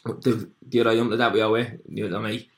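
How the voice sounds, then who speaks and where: Young man, casual storyteller, rattles it off quick and laughing, recorded in an echoey room. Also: on the low side, level tone. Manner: rapid, laughing through the telling. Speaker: guest telling a story. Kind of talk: casual anecdote, swearing.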